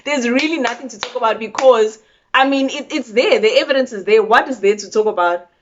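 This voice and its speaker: Young woman, South African accent, high-ish voice, blunt animated storyteller, lo-fi audio. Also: a little fast. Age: young adult. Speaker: vlogger. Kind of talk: casual storytime.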